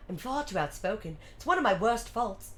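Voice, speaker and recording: A woman's voice: mid-range voice, lively intonation, a little fast, fairly bright tone, a little hiss or hum, pitched below the performer's own voice, natural voice. A woman voicing an earnest, outspoken young governess, speaking over music. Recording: music playing under the voice.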